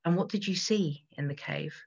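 Woman doing a hushed slow-speaking creature, coaxing and sinister, muffled lo-fi sound. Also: low-pitched, creaky, breathy edge, exaggerated voice. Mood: menacing. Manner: soft, slow, quietly menacing. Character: female creature posing as a friend, coaxing, sinister.

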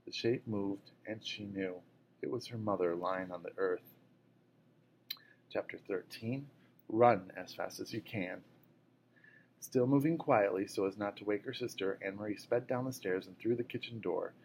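A man reading a novel aloud in a steady way, now and then correcting a slip. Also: on the low side, normal speed, a little hiss or hum, poor audio. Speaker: reader.

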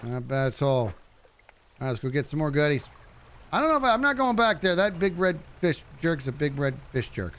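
A man giving chatty live commentary while playing a fishing game, reading chat and yelping when things go wrong. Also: a little fast. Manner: animated, chatty, jumps to high panicky yelps.

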